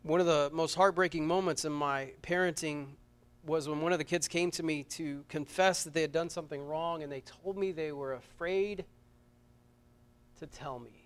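Earnest man preaching, rising to loud urgency. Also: fairly high pitch, fairly even intonation, normal speed, clear, resonant tone. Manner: earnest, repeats words, swings from loud urgency to hushed close. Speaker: pastor. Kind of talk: sermon. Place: church service.

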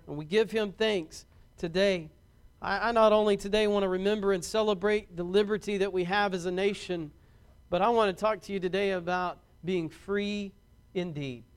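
A pastor preaching a sermon in an earnest, heartfelt manner with emphatic repeats. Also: male voice, sits high, fairly even intonation, moderate pace, clean tone.

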